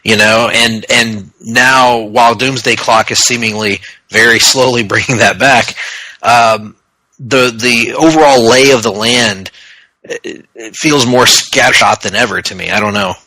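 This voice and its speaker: A man's voice: mid-range voice, unhurried, pushed and bright, dry recording, rough recording. A man co-hosting a casual comic book podcast, rambling and joking as he riffs into silly bits. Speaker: podcast co-host.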